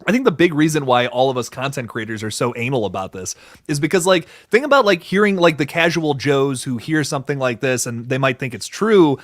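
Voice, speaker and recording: A man's voice: medium pitch, expressive, a little fast, no room sound, studio quality. A man chatting casually on a livestream in an earnest way, with a lot of "like" fillers. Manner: earnest, filler-heavy, lots of "like".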